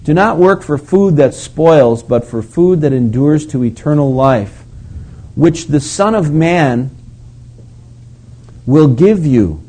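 A male preacher reading scripture aloud and breaking off for quiet, earnest asides to his listeners. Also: a little high, expressive, slow, husky. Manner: reads verses aloud then drops to quiet asides to listeners. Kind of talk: sermon reading and explaining scripture.

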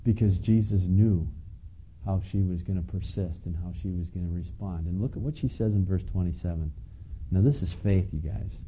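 A man's voice: deep voice, moderate pace, warm tone, slightly rough, low-quality recording. A man preaching a conversational sermon, reading scripture and adding casual asides to his listeners. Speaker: pastor. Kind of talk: sermon teaching.

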